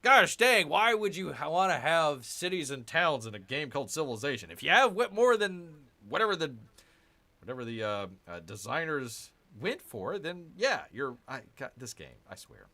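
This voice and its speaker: A man narrates his strategy game session with a bright, forward tone and a lively, swooping delivery. He grumbles and makes sarcastic asides to his viewers. It sounds like casual commentary recorded at home. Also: fairly high pitch, moderate pace. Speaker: gaming channel host.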